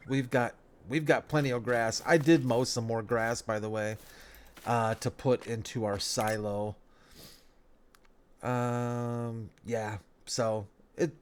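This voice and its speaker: A man, sounding stuffed up, giving relaxed, rambling commentary over a game as a let's play host, talking half to himself with folksy phrases. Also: mid-range voice, a little hiss or hum. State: stuffed up nose. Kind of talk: casual gameplay commentary.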